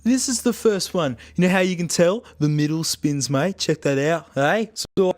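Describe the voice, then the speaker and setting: A young Australian man giving excitable, jokey commentary while showing old gadgets. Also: on the high side, moderate pace. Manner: excitable, jokey, bursts into laughter. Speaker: tech reviewer. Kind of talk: casual video commentary.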